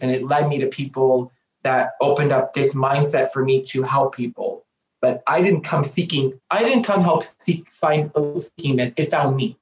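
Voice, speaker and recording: A man talks as an interview guest in an earnest, emphatic way, circling back to the same phrases for weight. His voice sits at an ordinary pitch. The recording sounds roomy and slightly dull, like a lo-fi room mic. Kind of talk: candid interview talk.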